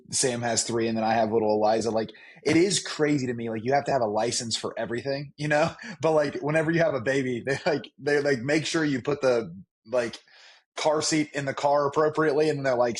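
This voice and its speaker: Man in his thirties, husky voice, podcast co-host, reflective and musing, stammered starts. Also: medium pitch, brisk. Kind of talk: casual chat.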